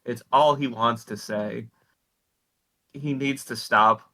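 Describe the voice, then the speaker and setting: A man co-hosting a podcast, casually recapping a wrestling episode from his notes in a profane, deadpan way. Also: mid-range voice, takes it slowly, noisy background. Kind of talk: casual chat.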